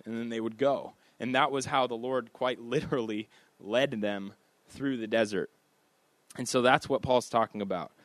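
A man's voice: medium pitch, dry recording. A man preaching a casual expository sermon, talking in a conversational, self-deprecating way with offhand asides.

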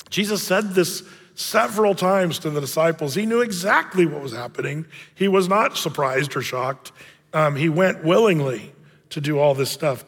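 A man preaching a loose, conversational sermon, telling stories with lots of "you know" fillers. His voice sits high for a man. It rings out in a large, reverberant church hall. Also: fairly bright tone. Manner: chatty, storytelling, many fillers. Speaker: pastor.

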